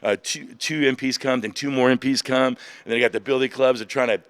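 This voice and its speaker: A man in his fifties, a veteran guest on a podcast, candidly retelling personal stories in an animated way. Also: mid-range voice, a little fast, no room sound. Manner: animated, vivid retelling of past events.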